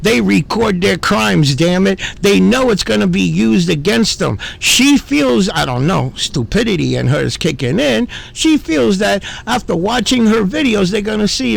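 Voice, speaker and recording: A man's voice: high voice, animated, moderate pace, vocal fry, few pauses, husky. A man hosting a commentary video, ranting indignantly and cursing, often repeating himself. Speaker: commentary channel host.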